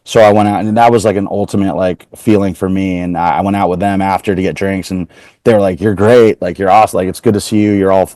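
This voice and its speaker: A man's voice: low-pitched, level tone, fast, warm tone, dry recording. A man from Portland, Oregon, a comedian being interviewed, telling stories casually with lots of "like" and quoted back-and-forth. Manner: chatty, heavy use of "like", retells exchanges in quoted voices. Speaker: comedian guest.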